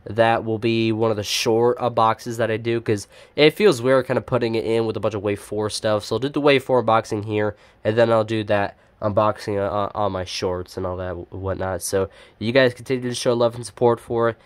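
A man talks casually through an unboxing vlog in a fairly low voice. He rambles, stops to correct himself, and fills the gaps with lots of "uh"s. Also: fairly even intonation, fairly quick, hardly any pauses, clear, resonant tone. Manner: chatty and rambling, with many fillers and self-corrections. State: sniffly. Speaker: die-cast collector and YouTuber.

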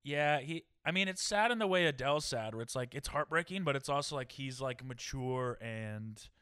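A man's voice: medium pitch, animated, normal speed, a bit bright, clear, resonant tone, no room sound. Man podcast guest, casual chat, rambling, lots of "like", mid-range voice, dry close sound. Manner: rambling, heavy use of "like".

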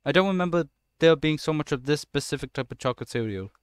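A man's voice: a little high, lively intonation, quick pace, clean tone, dry recording. Sarcastic man doing game commentary. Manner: sarcastic, swears casually, chats to game characters. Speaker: gamer playing a horror game. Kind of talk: let's play commentary.

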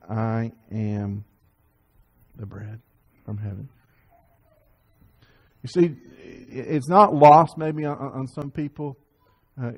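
A man preaching a Sunday sermon to his congregation, often repeating and restarting words and building to loud emphatic peaks. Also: mid-range voice. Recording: sermon audio over slides.

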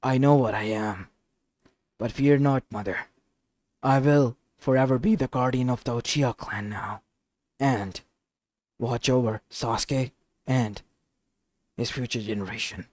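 A man voicing a calm, solemn male warrior reborn as a mechanical dreadnought, speaking slowly and gravely in a fan-made storybook reading. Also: mid-range voice, dry recording, lightly acted. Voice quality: mechanical-sounding, measured.

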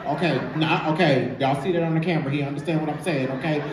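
A man's voice: a little high, fast talker. A man hosting a live drag show, teasing an audience member on stage with a sassy, laughing delivery. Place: large theater stage. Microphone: filmed from the audience on a phone. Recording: echoey theater recorded from far off with crowd noise.

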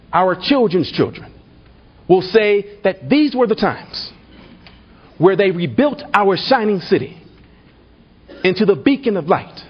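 A man's voice: high-pitched, breathy edge, highs cut off. A man giving a rousing political dinner speech at a banquet, building to repeated rhetorical refrains with a humorous anecdote mixed in. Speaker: political speaker. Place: banquet hall at a party dinner.

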